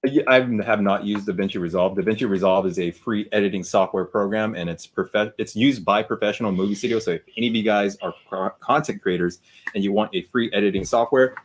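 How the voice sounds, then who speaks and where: A man's voice: on the low side, a little fast, a little hiss or hum. A man co-hosting a live podcast stream who explains things in a chatty way. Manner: explanatory, chuckling. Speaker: podcast co-host. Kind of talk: casual live-stream chat.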